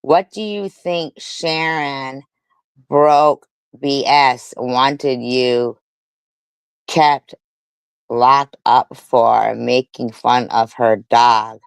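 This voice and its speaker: Female commentary streamer, slow and smooth, indignant, heavy swearing. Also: rumbling low, no echo. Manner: indignant, swears heavily while reading comments aloud. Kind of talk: livestream commentary.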